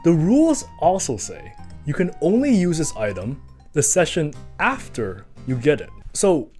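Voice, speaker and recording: A man's voice: fairly high pitch, huge pitch swings, measured pace, mellow, breathy edge, faint music behind. A man reading a scripted commentary in a casual, chatty way, full of asides. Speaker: video essayist.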